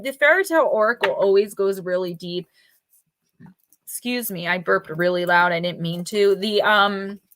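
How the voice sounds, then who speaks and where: A woman's voice: mid-range voice, fairly bright tone. A woman hosting a live oracle card reading stream, talking casually and informally and calling out viewers by name. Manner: chatty and informal, with loose fillers and mild swearing.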